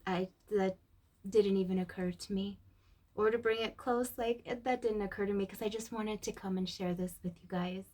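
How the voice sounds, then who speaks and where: A woman sharing a personal reflection in a casual, heartfelt monologue, recorded on a phone. She speaks softly and often drops to a breathy near-whisper. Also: medium pitch, fairly even intonation, moderate pace. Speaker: vlogger.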